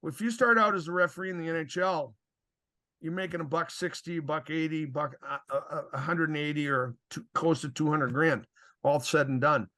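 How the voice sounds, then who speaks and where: Fairly quick and a little high, this former referee's voice carries relaxed podcast storytelling. He's an animated older man who performs both sides of the conversations he recounts, laughing frequently.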